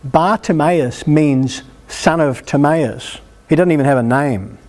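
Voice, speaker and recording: A man preaching a sermon at a healing meeting, emphatic and animated as he exhorts the congregation. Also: fairly high pitch, measured pace.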